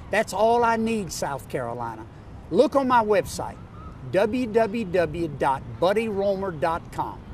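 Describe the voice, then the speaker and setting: High-pitched older Louisiana man campaigning. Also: slight background noise. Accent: Louisiana Southern US. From North Louisiana, USA. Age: 60s. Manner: emphatic, repetitive rhetorical lists. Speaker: political candidate.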